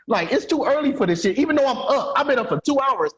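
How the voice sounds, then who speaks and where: High, lively man, blunt podcast host. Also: very fast, lo-fi sound. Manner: blunt, profane, teasing. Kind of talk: casual chat.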